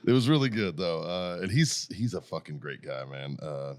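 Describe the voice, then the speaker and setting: A man's voice: low-pitched, sing-song, moderate pace. A man, co-hosting a podcast in casual chat, telling a story with lots of swearing and laughter. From Boston area. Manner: profane storytelling, retelling texts with laughter. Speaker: podcast co-host.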